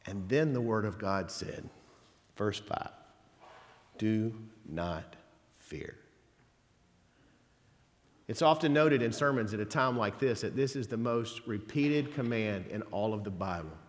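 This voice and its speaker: A man's voice: lowish voice, lively intonation, slow, long pauses. Man preaching in a reverberant church. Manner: conversational preaching with folksy asides and emphatic quotes. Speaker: pastor. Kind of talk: sermon. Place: church sanctuary.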